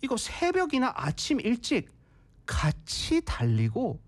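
A woman with a Korean accent co-hosting a bilingual podcast, speaking slow, careful English and switching into rapid Korean. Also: a little high, wildly swooping pitch. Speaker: podcast co-host teaching English. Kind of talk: bilingual casual podcast chat.

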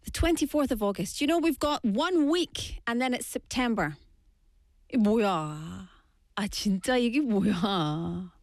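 A woman's voice: medium pitch, lively intonation, fairly quick, no echo, clean studio sound. A woman hosting a radio show, chatting playfully and mixing in Korean phrases. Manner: chatty, playful, switching between English and Korean. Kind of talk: casual radio talk. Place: radio studio. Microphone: studio microphone.

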